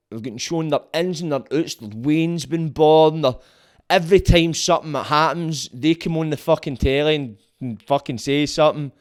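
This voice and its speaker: A man with a thick Glaswegian Scottish accent talks alone into a podcast mic, his voice sitting a little higher than most men's. He is blunt and sweary, rambling from one point to the next in a casual, unscripted way. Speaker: podcast host. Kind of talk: casual solo monologue.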